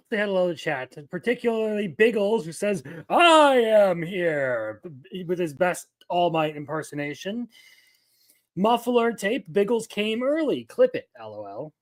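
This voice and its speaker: Profane man hosting a livestream. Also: high-pitched. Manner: profane, loud outbursts and laughter. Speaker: livestream host. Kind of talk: casual livestream chat.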